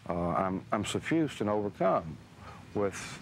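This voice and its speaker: A man's voice: fairly low pitch, sing-song, noisy background. Musing middle-aged man. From Mississippi, US. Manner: slow, musing, with frequent uh and restarts. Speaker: author interviewed. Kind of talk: reflective storytelling interview.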